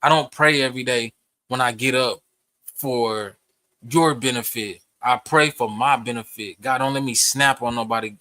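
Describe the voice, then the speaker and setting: A man's voice: medium pitch, fairly even intonation, normal speed, bright, forceful tone, no echo. A young man, ranting profanely to camera in a heated, rambling way. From Texas. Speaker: vlogger. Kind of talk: casual rant to camera.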